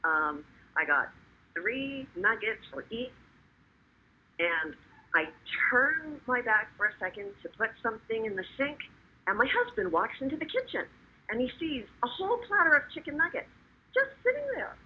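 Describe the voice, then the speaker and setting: Woman, webinar participant, hesitant, casual, husky, phone-like call audio. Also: a little high, big pitch swings, moderate pace. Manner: hesitant, self-conscious. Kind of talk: casual storytelling.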